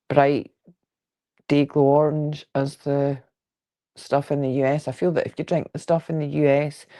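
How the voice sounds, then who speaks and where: A woman's voice: low voice, mellow. A woman with a Fife Scottish accent, chatting casually and frankly on a quilting livestream at home, rambling and joking while answering viewer comments. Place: at home indoors.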